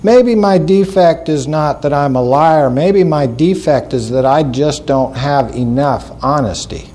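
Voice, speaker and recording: A man with a slightly high voice tells stories in a folksy, wry way, poking fun at himself as he talks to an audience. There is a faint hum of noise behind him. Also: measured pace, dark tone. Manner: folksy, humorous, self-mocking storyteller. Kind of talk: storytelling talk to an audience.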